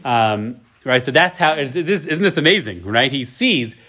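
The speaker is a man in his thirties teaching a casual Torah class, his medium-pitched voice sharp in tone, lively in intonation and at a normal speed. He reads the verses in Hebrew, translates each one, and keeps chattily asking "right?".

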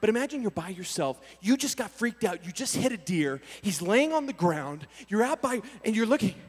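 A man preaching a storytelling sermon to young people, acting out scenes with voices and sudden loud bursts. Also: high voice, normal speed, husky. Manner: animated, acts out scenes with voices and sudden shouts. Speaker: youth pastor. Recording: reverberant hall.

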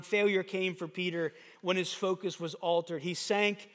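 A man's voice: high voice, fairly even intonation, normal speed, hardly any pauses, fairly bright tone. A man preaching a sermon as pastor, reading scripture aloud with emphatic delivery. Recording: long hall reverb.

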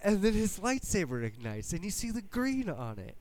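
A man in casual podcast chat, talking excitedly, swearing and acting out his own reactions. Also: sits high, normal speed.

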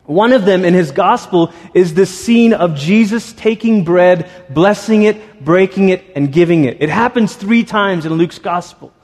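A man preaching a sermon in a church, talking in a conversational, animated storytelling way with quick asides. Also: high voice. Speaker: pastor. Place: church sanctuary. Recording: reverberant church hall.

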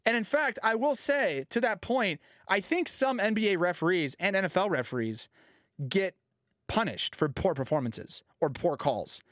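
A man hosting a casual podcast chat, ranting with lots of profanity and lively swings. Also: high voice, moderate pace, no echo, clean studio sound. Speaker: podcast host.

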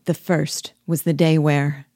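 A woman's voice: low-pitched, flat delivery, takes it slowly, mellow, dry recording, clean studio sound, exaggerated voice. A woman voicing a loyal, sentimental old male army sergeant who speaks humbly and rambles. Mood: earnest, humble.

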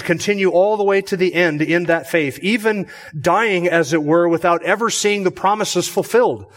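Preaching an expository sermon at a measured pace, this man's voice runs on the high side. Key words get a lift, and he repeats phrases to drive points home.

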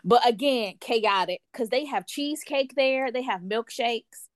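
A woman in a casual chat, telling a story in an animated way and acting out what other people said. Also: on the high side, measured pace, dry recording. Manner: animated, acts out quotes of others. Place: lives in France.

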